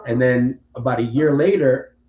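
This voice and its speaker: A man's voice: medium pitch, moderate pace, phone-quality sound. A man in his late fifties, a Marine veteran and interview guest, telling a long story and acting out other people's lines. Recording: roomy with faint background hum.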